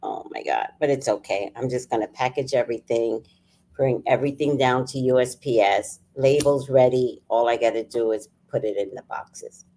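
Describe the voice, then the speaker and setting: A woman's voice: extremely low pitch, fairly even intonation, moderate pace, warm tone. A woman hosting a casual livestream, chatting with viewers, laughing often and greeting people by name. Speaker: livestream host.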